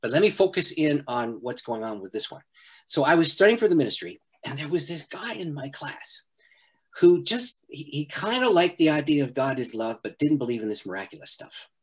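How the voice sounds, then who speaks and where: Middle-aged pastor guy telling a story, lively ups and downs, laughs a lot. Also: on the high side, brisk, slightly rough. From Canada. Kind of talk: storytelling in an interview.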